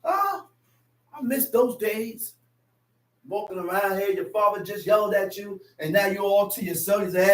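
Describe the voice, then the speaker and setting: A woman preaching a sermon with a fiery, shouting, dramatic delivery. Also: medium pitch, animated, normal speed. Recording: echoey room from a distant mic.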